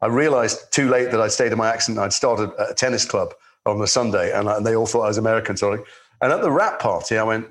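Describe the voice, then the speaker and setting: A man with a London accent, an actor telling anecdotes in relaxed chat, with many restarts. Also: on the low side, fast. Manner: lively storyteller, swears in quotes, many restarts. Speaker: actor guest.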